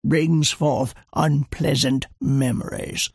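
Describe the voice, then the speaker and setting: A man voicing an older English statesman, pompous and gruff, in a low muttering tone in a storybook reading. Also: fairly even intonation, slow, no room sound, studio quality, heavily acted. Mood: feigned patience.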